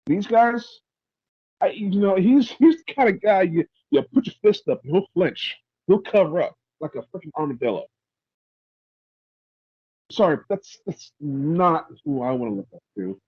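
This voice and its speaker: A man hosting a podcast, chatting casually in a rambling, halting way with many restarts. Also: high-pitched, big pitch swings, breathy edge, no echo, dull audio. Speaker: podcast host. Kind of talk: casual opinionated chat.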